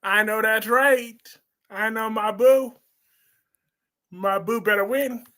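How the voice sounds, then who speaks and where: Sassy high-voiced man chatting live. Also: takes it slowly. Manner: sassy, blunt and animated, with frequent profanity. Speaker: host of a live soap opera discussion stream. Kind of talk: casual live-stream chat reading viewer comments.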